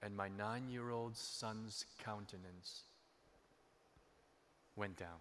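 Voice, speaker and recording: A man's voice: lowish voice, steady tone, slow, fairly bright tone, a little hiss or hum. Male pastor preaching in a reverberant hall. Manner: emphatic, repeats phrases for effect. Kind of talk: sermon with personal storytelling.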